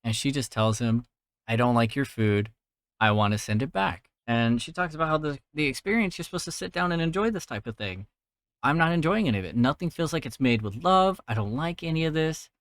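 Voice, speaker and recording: A man's voice: a little high, animated, fast, fairly bright tone, no echo, clean studio sound. A young man hosting a podcast, casually recapping a film's plot, swearing freely and laughing at his own jokes. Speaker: podcast host recapping a film. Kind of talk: casual solo movie recap.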